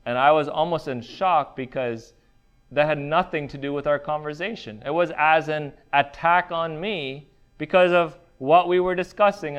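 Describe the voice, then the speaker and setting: A man preaching a sermon, measured and deliberate, stopping often to ask his listeners rhetorical questions. His voice sits a little high for a man and comes through smooth and resonant. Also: highs cut off. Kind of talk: expository sermon.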